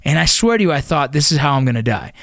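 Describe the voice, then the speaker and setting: A man's voice: on the high side, fast, no echo, studio quality. A man casually recounting his army ranger training, swearing freely and acting out the voices of others. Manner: profane, animated, acts out quoted voices. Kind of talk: casual spoken storytelling.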